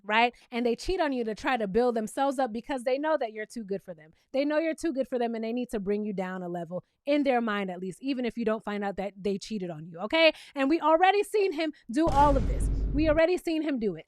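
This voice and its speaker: Sassy high-voiced woman recapping a show. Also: no echo. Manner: sassy and animated, talks straight to viewers. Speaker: reality TV recap host. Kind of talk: casual recap commentary.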